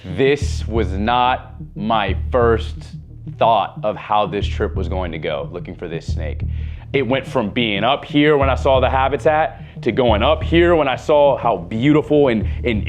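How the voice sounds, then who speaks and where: A man in a mid-pitched voice tells his own adventure story as a voice-over, animated and vivid in his retelling. Faint music plays softly underneath. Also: a little slow. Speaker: wildlife adventurer.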